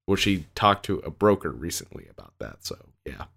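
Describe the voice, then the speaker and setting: A man's voice: deep voice, very animated, moderate pace, vocal fry, fairly bright tone, breathy edge. A man from Canada co-hosting a podcast, chatting casually and rambling with lots of fillers. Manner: laid-back, rambling with many fillers. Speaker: podcast co-host. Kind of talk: casual chat.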